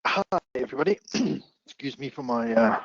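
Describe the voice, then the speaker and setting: A man with a South African accent presenting a business webinar, explaining things deliberately and slowly. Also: medium pitch, animated, no echo. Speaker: company founder presenting a webinar. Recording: dull lo-fi webinar audio.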